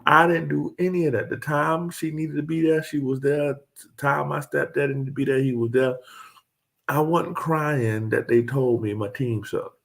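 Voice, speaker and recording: A man's voice: a little high, fairly even intonation, moderate pace, vocal fry. A man, talking casually to his online audience, joking and laughing often. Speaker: host.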